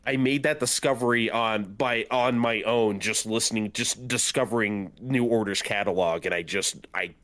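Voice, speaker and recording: A man's voice: lowish voice, normal speed, few pauses, a bit bright. A man guesting on a casual podcast who talks loosely and expressively, dropping swear words and lots of "like" and "you know.". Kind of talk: casual chat.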